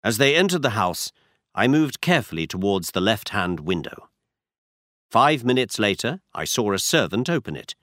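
A man narrating a story in the first person with a measured, expressive reading. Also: on the low side, no room sound, studio quality. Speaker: audiobook narrator.

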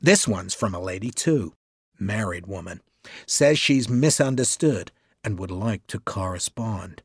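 A man voicing a cheerful, humble male secretary, talking briskly in a husky voice. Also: on the low side, animated, dry recording, clean studio sound, exaggerated voice.

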